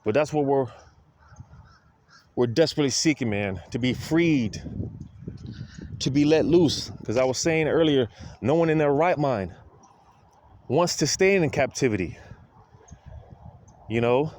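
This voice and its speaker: A man's voice: medium pitch, expressive, unhurried, pauses often, darkish tone, slight background noise. A man preaching an informal monologue, weary and full of grievance, leaning on "man" and "you know" again and again. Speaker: street preacher.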